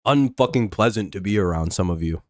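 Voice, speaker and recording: A man's voice: fairly low pitch, animated, brisk, dry recording, studio quality. A young man hosting a live baseball watch-along stream, chatting casually and ranting with heavy swearing at negative chatters. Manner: profane, exasperated ranting at chatters. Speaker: livestream host.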